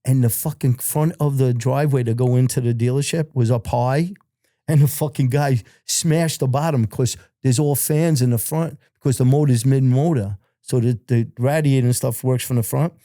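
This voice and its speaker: An older man rambles through a story, swearing freely and slipping into the voices of the people he quotes. His voice is very dark and mellow. The sound is dry and close. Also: medium pitch, steady tone, normal speed, no echo. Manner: profane, rambling, acts out quotes. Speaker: podcast guest. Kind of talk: casual storytelling.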